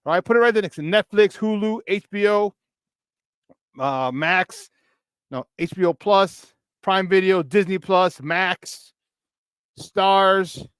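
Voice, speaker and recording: A man with a Chicago accent, hosting a morning sports talk show in a hyped, playful way, shouting out to his viewers. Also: high voice, takes it slowly, long pauses, clean tone, no echo.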